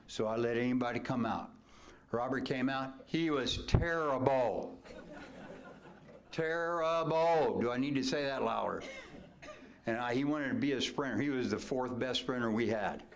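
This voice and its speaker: At a banquet hall ceremony, a Midwestern American coach in his sixties accepts a storytelling hall of fame honor from the podium. His mid-range voice moves at a moderate pace, dropping to whispers and then bursting out loud.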